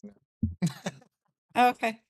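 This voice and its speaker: A middle-aged woman hosting a casual livestream from her home, chatting loosely and answering viewers' comments. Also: slow pace. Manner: rambling and chatty, often adds "right?". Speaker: livestream host reading chat.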